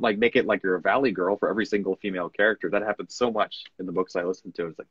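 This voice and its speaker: A man with a very low, husky voice talks candidly and thoughtfully about his narration work. The sound is dry and close, with a dull, muffled lo-fi quality. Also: fast, hardly any pauses, dry recording. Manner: candid and reflective, speaks frankly. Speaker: audiobook narrator. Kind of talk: conversational interview.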